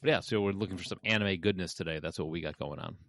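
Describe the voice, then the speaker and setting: A man with a fairly low voice hosts a casual podcast, relaxed and joking as he moves things along. His voice sounds dry and close, with no room around it. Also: fast talker, no echo. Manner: relaxed, jokey, runs the segments. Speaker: podcast host. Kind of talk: casual chat.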